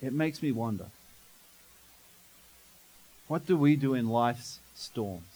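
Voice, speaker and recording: A man's voice: medium pitch, lively intonation, slow, dark tone, poor audio. A man preaching a sermon as pastor, telling the story dramatically and asking the congregation questions.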